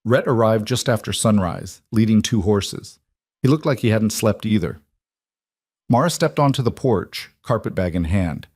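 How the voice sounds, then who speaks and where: A man narrating a scripted story in an even, measured way. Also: on the low side, no echo, studio quality.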